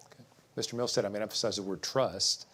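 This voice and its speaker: A man moderating a political debate, asking brisk, probing questions. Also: on the low side, steady tone, a bit bright.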